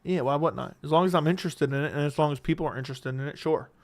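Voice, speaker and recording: A livestream host with a fairly high voice races through viewer messages in a casual stream. He's laid-back and swears freely, speaking into a studio dynamic mic at home.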